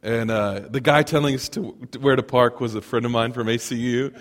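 A man preaching a storytelling sermon, animated and chuckling, often asking his congregation questions. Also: mid-range voice, a little fast. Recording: long reverb of a large hall.

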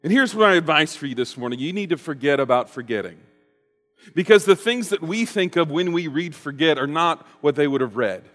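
A man preaching a sermon as pastor, telling a story in a lively way and acting out the quotes. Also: a little high, a little fast, in a large hall, faint music behind. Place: church sanctuary.

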